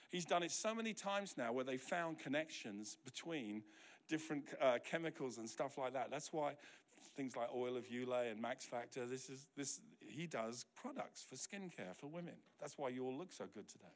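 A middle-aged man from New Zealand preaching a sermon as pastor, telling stories and acting out the quoted dialogue, sometimes dropping to a soft, quiet voice. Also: medium pitch, expressive, a little fast. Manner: drops to a soft, quiet voice for tender moments.

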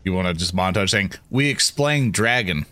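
A man playing a tabletop game who makes quick joking asides. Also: low-pitched, expressive, sharp tone, dry recording. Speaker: player.

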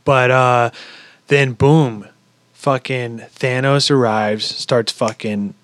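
A man co-hosting a casual podcast, retelling a film in an excitable, profane rush. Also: mid-range voice, slow, no echo. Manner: excitable, heavy swearing, lively storytelling. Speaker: podcast co-host. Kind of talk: casual movie review chat.

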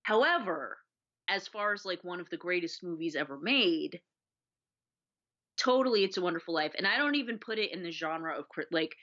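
With lively intonation and a fairly bright tone, this lower-voiced woman talks at normal speed on a relaxed movie podcast she co-hosts. She's enthusiastic, performing scenes from films, though the audio is dull and lo-fi.

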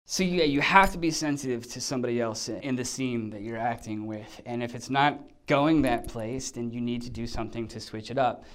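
A man talks through stories from his acting work, throwing himself into each retelling. His voice sits in an ordinary middle pitch, neither deep nor high. He tosses in little sound effects and voices the people he describes. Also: brisk, hardly any pauses. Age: under 50. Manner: animated, acts out quotes with sound effects. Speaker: actor, interview guest. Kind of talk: casual storytelling in an interview.

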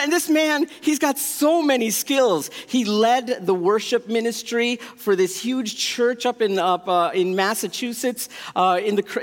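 Animated high-voiced preacher in an echoing hall. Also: male voice. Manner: animated, swings between loud bursts and quiet asides. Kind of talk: sermon storytelling. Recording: long hall reverb.

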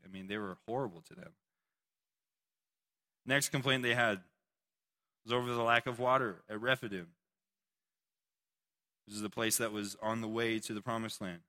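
Bright-voiced young pastor preaching. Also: male voice, medium pitch, moderate pace, long pauses. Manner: animated, joking, takes questions from listeners. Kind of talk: youth sermon.

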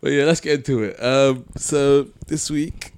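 A man co-hosting a podcast in a relaxed chat, his voice stuffy from a cold and hay fever, laughing often and restarting his sentences. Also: mid-range voice, a little slow, slight background noise. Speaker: podcast co-host. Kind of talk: casual chat.

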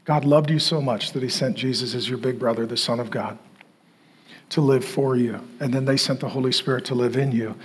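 A male pastor preaching a sermon in an emphatic way, repeating phrases and pausing for effect. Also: mid-range voice, steady tone, slightly rough. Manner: emphatic, repetitive, with dramatic pauses.

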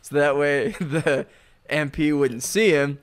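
A man's voice: a little high, slow, clear, resonant tone. A man in his thirties telling a rowdy story in a casual chat among friends. He laughs often and acts out the people he quotes. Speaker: podcast co-host telling a story.

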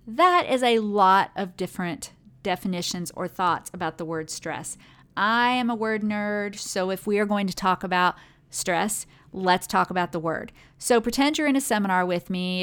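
A woman's voice: mid-range voice, moderate pace, clear, resonant tone. Conversational woman hosting a well-being talk. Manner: direct, conversational, addresses the listener. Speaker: podcast host and speaker on well-being. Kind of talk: motivational talk to listeners.

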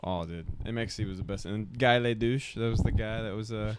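A man's voice: lowish voice, brisk, background noise. A young man in easygoing casual chat, mostly agreeing and adding his own picks.

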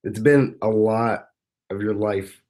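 A man's voice: on the low side, slow pace, a little mellow. A man hosting a casual podcast interview, asking questions and giving brief, encouraging responses. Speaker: podcast host.

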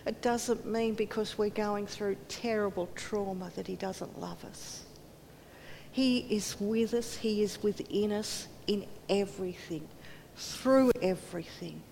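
A woman's voice: unhurried, vocal fry, a little mellow. A woman giving a sermon in earnest tones, acting out quoted voices and dropping to near whispers. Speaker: preacher. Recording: hall reverb, faint rumble.

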